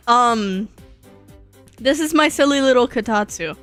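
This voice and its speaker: A woman's voice: a little high, lively intonation, a little slow, pauses often, fairly bright tone, faint music behind. A woman streamer chatting casually and playfully while she models in 3D, rambling and joking about herself as she works. She says she is sleepy.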